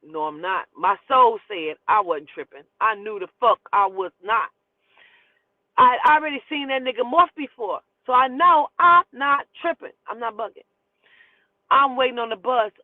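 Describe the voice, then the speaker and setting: A woman telling a personal story in casual, animated, profane speech and acting out the dialogue. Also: fairly high pitch, normal speed, dry recording. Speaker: storyteller host. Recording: dry, phone-like thin sound.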